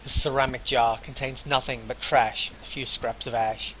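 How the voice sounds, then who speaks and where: Over a rough recording with a little background noise, this let's player works through a role-playing game. His medium-pitched, fairly bright voice stays steady at a normal pace as he reads each piece of game text completely before tossing in offhand remarks.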